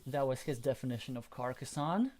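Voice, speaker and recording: A man's voice: mid-range voice, lively intonation, a little fast, darkish tone, a little hiss or hum. A man hosting live commentary of an online board game match, chatty and speculative, often stumbling and restarting his words. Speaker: host and commentator.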